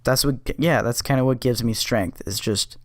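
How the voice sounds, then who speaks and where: A man's voice: mid-range voice, moderate pace, no room sound, clean studio sound. Blunt, profane man telling a story. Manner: profane, blunt, restless retelling with self-corrections. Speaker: podcast host. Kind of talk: casual storytelling.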